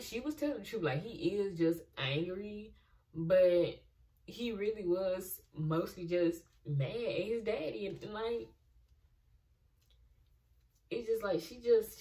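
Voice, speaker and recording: A woman's voice: medium pitch, distant mic. Exasperated young woman ranting about a show. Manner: animated, exasperated, talks back to the characters. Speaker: reaction video host. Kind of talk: casual TV reaction commentary.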